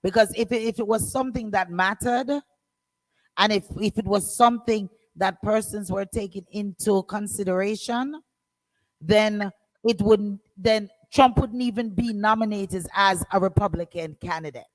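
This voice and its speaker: A woman's voice: medium pitch, normal speed, low-quality recording. A woman hosting a call-in radio talk show. She talks with emphasis, circling back and repeating phrases as she builds her argument.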